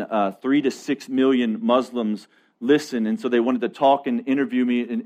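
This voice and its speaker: A young man preaching a sermon, telling stories and building to loud, passionate calls. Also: medium pitch.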